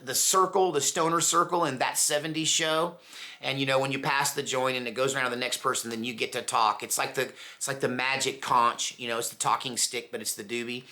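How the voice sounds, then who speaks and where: A man's voice: medium pitch, sharp tone. A middle-aged man hosting his own channel, telling stories in a casual rambling way and mimicking voices as he goes. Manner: storytelling, mimics voices, laughs at own jokes. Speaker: commentary channel host.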